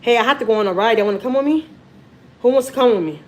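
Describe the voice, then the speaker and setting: A woman with a Texan accent chatting casually on a family live stream, animated and repeating herself as she talks while holding a phone in her kitchen. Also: fairly high pitch, very fast. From Houston, Texas. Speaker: family vlogger. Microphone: handheld phone.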